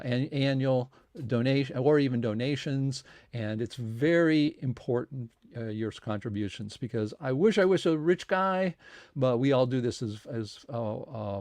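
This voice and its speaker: A man's voice: mid-range voice, darkish tone, dry recording, clean studio sound. A man hosting a science talk series, giving a rambling spoken introduction and appeal for donations, full of fillers and restarts.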